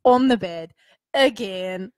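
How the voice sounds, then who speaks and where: Lively woman telling home anecdotes. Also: mid-range voice, slow, dry recording. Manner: lively storyteller, laughs between lines. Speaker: mother, podcast co-host. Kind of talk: casual chat, anecdote telling.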